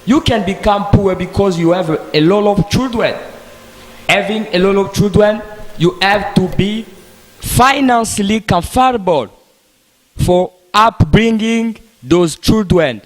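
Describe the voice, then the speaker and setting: A man making a deliberate, lecturing argument in a discussion group, with rhetorical questions. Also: high-pitched. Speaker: debate participant. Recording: echoey hall with long reverb.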